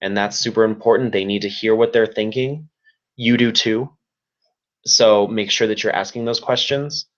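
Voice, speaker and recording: A man's voice: on the low side, steady tone, moderate pace, muffled recording. A man who works as a youth service provider, giving a webinar talk in an earnest, repetitive way and offering practical tips. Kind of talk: webinar presentation.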